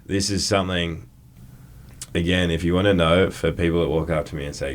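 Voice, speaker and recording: A young Australian man with a very low voice, chatting casually as a podcast co-host. He is easygoing and quick to poke fun at himself. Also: steady tone. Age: young adult. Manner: easygoing, self-deprecating, quick laughs. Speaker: podcast co-host, college football player. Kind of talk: casual chat.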